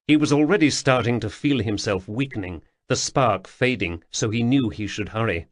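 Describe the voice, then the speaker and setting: A man narrating a fantasy audiobook in a measured, steady way. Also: mid-range voice. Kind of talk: scripted narration.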